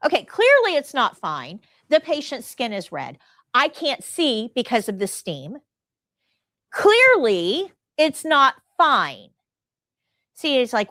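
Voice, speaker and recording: Middle-aged woman teaching nursing, bouncy up and down voice, kinda high, dry close mic. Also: slow pace, no room sound. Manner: storytelling, lively and emphatic. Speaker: nursing instructor. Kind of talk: live class lecture.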